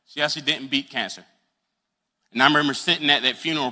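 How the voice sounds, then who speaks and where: Bright-voiced, earnest male preacher. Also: a little high, fairly even intonation, fast, pauses often, long reverb tail. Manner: earnest and conversational, acting out the scenes he describes. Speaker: pastor. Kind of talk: sermon.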